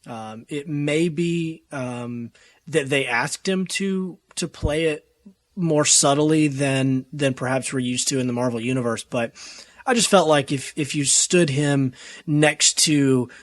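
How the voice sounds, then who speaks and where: Measured man on a dry podcast mic. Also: on the high side, no room sound. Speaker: podcast co-host. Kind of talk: casual podcast chat.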